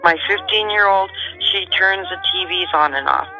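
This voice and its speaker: A middle-aged woman tells her own story in a calm, matter-of-fact way. Her voice has a very sharp, bright edge. Soft music plays faintly underneath. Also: lowish voice, moderate pace, poor audio. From Canada. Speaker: guest. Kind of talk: telling a personal story.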